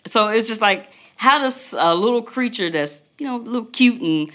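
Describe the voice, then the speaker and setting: A woman in her thirties co-hosting a casual parenting podcast, telling stories in an animated way and acting out the voices of others. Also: on the high side, moderate pace. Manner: animated storytelling, acts out quotes. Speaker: podcast co-host. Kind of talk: casual chat.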